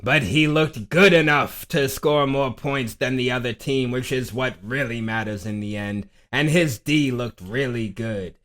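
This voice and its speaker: Podcast guy getting over a sore throat, a bit rough, deadpan and blunt about football. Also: mid-range voice, unhurried, few pauses. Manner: dry, blunt, deadpan jabs. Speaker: podcast co-host. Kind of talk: casual sports podcast banter.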